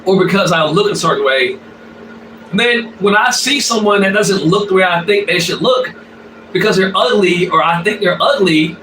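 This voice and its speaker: Man, bright and sharp-toned, casual profane monologue; roomy distant mic, faint ambience. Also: high voice, a little hiss or hum. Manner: blunt, profane, repetitive, many fillers. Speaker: spiritual vlogger.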